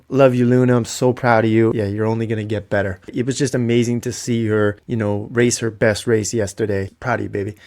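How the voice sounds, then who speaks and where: Podcast host, 30s, Canadian accent, loose excitable storyteller, mid voice. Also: male voice, mid-range voice, gravelly. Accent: Canadian English. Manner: rambling, excitable, swears freely. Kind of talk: casual solo podcast storytelling.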